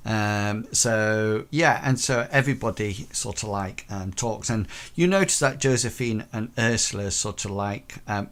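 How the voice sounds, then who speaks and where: Game master, low-voiced man, narrates in halting bits with lots of ums. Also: fairly bright tone. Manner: halting, full of ums and likes.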